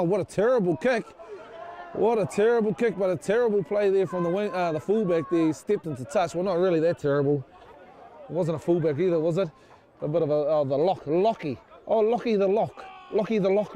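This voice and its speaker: A man's voice: fairly high pitch, warm tone. A man giving casual, rambling, jokey commentary on a club rugby match from the sideline, often unsure of player names. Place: outdoors at a club rugby ground.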